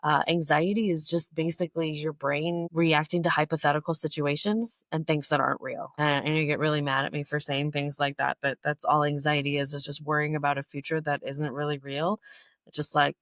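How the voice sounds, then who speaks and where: A woman's voice: level tone, a little fast, fairly bright tone, dry recording, clean studio sound. A middle-aged woman hosting a personal growth podcast, talking candidly and bluntly in a casual way. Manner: candid, blunt and conversational, acting out quoted people in a higher voice. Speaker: podcast host. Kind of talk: solo personal growth talk.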